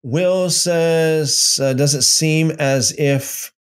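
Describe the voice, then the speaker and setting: A man's voice: a little high, very slow, clear, resonant tone. Man, livestream host, casual storytelling, frequent restarts, reads chat comments aloud. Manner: storytelling with many restarts and repeated words.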